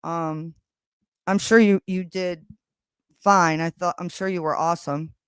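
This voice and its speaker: Loud, animated woman chatting on a livestream. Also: on the low side, measured pace, smooth, no echo. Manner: loud and animated when excited; swears casually. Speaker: livestream host. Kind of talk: casual livestream chat with viewers. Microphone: streaming microphone.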